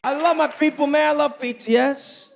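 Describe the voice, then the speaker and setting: A man doing stand-up, animated and laughing through his lines, with loud impressions. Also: very high-pitched, moderate pace, vocal fry, soft background music, some chatter behind. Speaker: stand-up comedian. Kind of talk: stand-up set.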